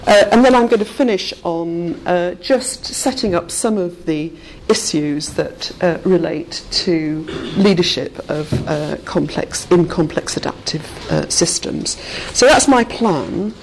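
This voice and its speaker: A woman giving a conference presentation, speaking in a measured, reflective way and pausing often to find her words. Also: fairly low pitch, expressive, noisy background.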